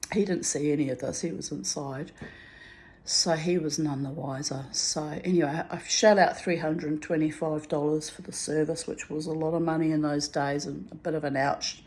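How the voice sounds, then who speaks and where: Lively woman telling a story. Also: low voice, moderate pace. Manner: animated, acts out dialogue. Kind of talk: personal anecdote.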